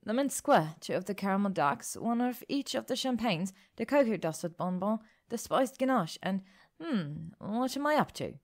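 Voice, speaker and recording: A woman's voice: medium pitch, expressive, normal speed, voice pushed up. A woman voicing an eager, wistful young heroine in an audiobook.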